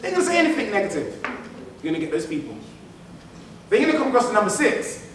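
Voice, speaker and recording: A man giving an animated motivational business keynote, repeating phrases for emphasis. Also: sits high, quick pace. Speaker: keynote speaker. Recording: echoey hall, mic from far off, faint noise.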